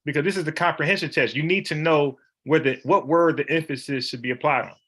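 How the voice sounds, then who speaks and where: A man's voice: a little high, fast talker, a bit bright. A man leading an informal Bible study, talking in an emphatic, slangy, conversational way.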